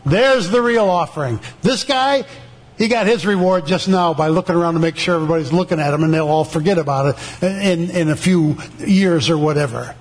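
An older man giving a church testimony about his past, halting with many restarts and repeated words, and acting out the voices of the people in his story. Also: fairly high pitch.

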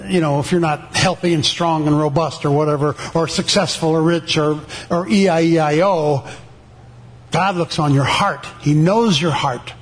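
Older man, high voice, halting testimony. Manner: halting, with many restarts and repeated words; animated, acts out the voices of people in his story. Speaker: veteran giving a testimony. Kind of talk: church testimony storytelling.

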